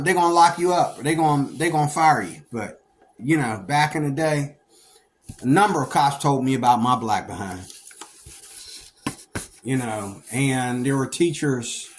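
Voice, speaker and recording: With a slightly high voice, a middle-aged man from Pennsylvania rambles through casual stories about his past. He's animated and bursts out loudly when voicing the people in his tales.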